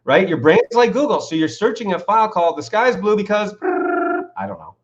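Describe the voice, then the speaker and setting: An author and coach with a high-pitched voice talks a little fast, the audio sounding dull. In an animated interview, he tells stories enthusiastically, builds to excited peaks, and leans on rhetorical questions.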